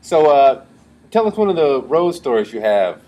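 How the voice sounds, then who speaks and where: A man's voice: mid-range voice, sing-song, moderate pace, mellow. A man with an upbeat, easygoing manner who laughs along often, interviewing a comedian at a bar's open mic night. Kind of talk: casual interview.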